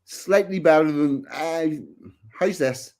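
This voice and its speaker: Slightly high-voiced co-host man. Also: slow pace, a little mellow. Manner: brief agreeing replies, laughing. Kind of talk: casual chat.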